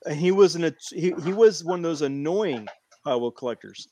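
A man in casual chat, animated and repeating phrases as he tells a long story. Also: on the high side, moderate pace. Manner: animated, repeats himself while telling a story.

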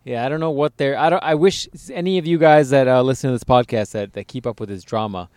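A man riffing on a podcast in crude, swear-laden banter, animating his stories with quick put-on voices. His voice is smooth and resonant at a middle pitch. The sound is dry and close, with no room around it. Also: dry recording. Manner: loose, swearing, animated storytelling. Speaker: podcast co-host.

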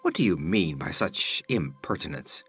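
A man's voice: rumbling low, very animated, moderate pace, a bit bright, slightly rough, soft background music, voice pushed down, exaggerated voice. A man voicing a stern, reproachful wanderer in a storybook reading. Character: stern kindly shaggy wanderer, grown man.

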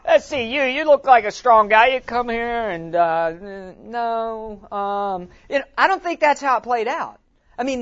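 A man giving an animated teaching talk at a conference. He tells it like a story, acts out quotes and often says "you know". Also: sits high, dull audio. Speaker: conference speaker.

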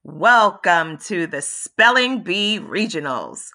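A woman's voice: fairly low pitch, big pitch swings, slow pace, bright, forceful tone, heavily acted. A woman voicing a tall bearded man who announces a spelling bee in a formal newscaster manner.

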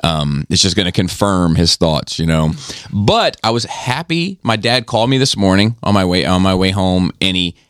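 A podcast host with a very low voice tells a long, rambling story, swearing freely as he goes. The recording is dry and close. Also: lively intonation, moderate pace, few pauses, a bit bright, dry recording. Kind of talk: casual podcast chat.

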